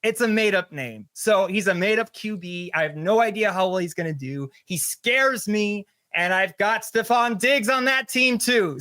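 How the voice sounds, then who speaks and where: A man co-hosting a podcast in casual chat, animated and self-mocking, sounding exasperated. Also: high voice, dry recording. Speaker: podcast co-host.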